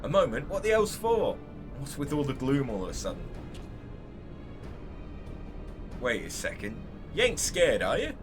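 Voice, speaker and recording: A man's voice: mid-range voice, big pitch swings, a little fast, lightly acted. A man voicing a blunt male blacksmith who scolds coarsely and swears freely, over game music. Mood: teasing. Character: gruff blunt male blacksmith, foul-mouthed.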